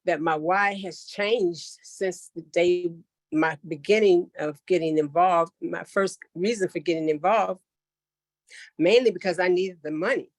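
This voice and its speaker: A woman's voice: fairly low pitch, a little slow, no echo, studio quality. A middle-aged woman giving an earnest, heartfelt testimonial on a call, with many fillers and restarts. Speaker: network marketing member sharing her story.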